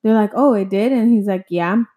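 A woman's voice: mid-range voice, fairly quick, mellow. A young woman telling a personal story in casual chat, rambling, filler-heavy and swearing freely. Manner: chatty storytelling full of "like" and swearing.

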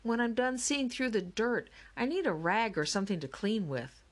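A woman's voice: a little high, expressive, moderate pace, voice pushed up. A woman voicing a blunt, cheeky little boy. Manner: blunt, short answers. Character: small stubborn young boy, blunt and cheeky. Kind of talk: audiobook character reading.

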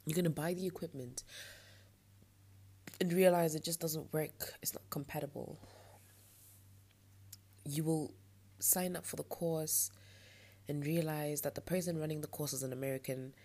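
A woman's voice: sits low, fairly even intonation, normal speed, pauses often. A young woman hosting her own podcast, talking candidly and a little frustrated late at night, with a blocked nostril. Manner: candid, frustrated, ranting with soft laughs. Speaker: podcast host. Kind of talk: late-night personal monologue.

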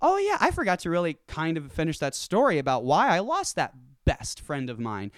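Swearing freely, this man rants casually and tells animated stories, performing each quoted voice himself. He talks briskly, his slightly high pitch leaping about as he gets fired up. The close, dry recording captures his smooth, clear voice without any room echo.

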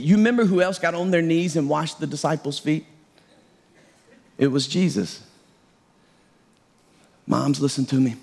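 A middle-aged male pastor preaching a sermon in a conversational, self-deprecating way. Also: a little high.

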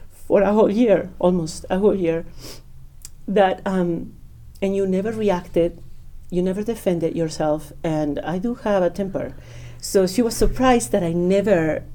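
Woman, low mellow voice, heartfelt testimony that acts out the dialogue. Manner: emotional, animated, acts out dialogue. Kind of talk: personal conversion story.

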